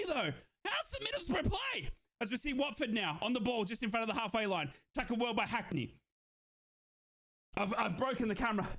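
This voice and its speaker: A young Australian man streaming a football watchalong shouts and yells in euphoric delight over goals, then breathlessly rattles off rapid play-by-play. His voice is high-pitched throughout this excited live commentary.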